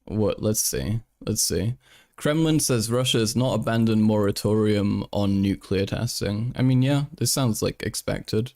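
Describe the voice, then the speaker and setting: A man's voice: on the low side, a little slow, dark tone. A young man hosting a live stream in casual chat, rambling, swearing, and restarting his sentences while reading headlines aloud. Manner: rambling, profane, frequent restarts. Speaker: livestream host.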